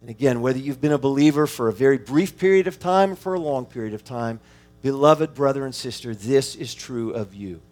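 A man's voice: mid-range voice, a little fast, darkish tone. A man preaching an expository sermon, reading scripture between points and building to emphatic exhortation. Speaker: pastor.

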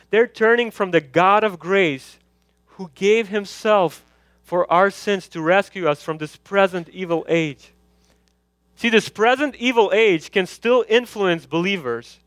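Earnest high-voiced male preacher. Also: a bit bright, no room sound. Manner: earnest, urgent preaching with frequent fillers. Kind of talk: evening sermon with prayer.

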